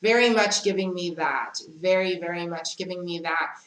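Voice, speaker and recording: Female storytime vlogger, low-ish voice, slow and dramatic, echoey room. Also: fairly bright tone. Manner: chatty and dramatic, often calls the listener "girl". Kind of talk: casual storytime chat.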